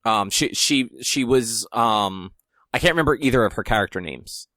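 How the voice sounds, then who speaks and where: A young man co-hosts a casual podcast, rambling along and pausing to search for words with frequent ums. His medium-pitched voice is recorded dry, with almost no room sound. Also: animated, bright, forceful tone, no room sound. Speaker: podcast co-host. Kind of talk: casual chat.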